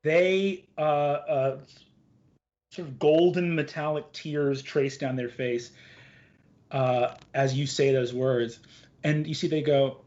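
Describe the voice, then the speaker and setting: A man narrating a tabletop game as game master, slow and halting with many fillers. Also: on the high side, steady tone, darkish tone, slight background noise. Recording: dull lo-fi with faint music.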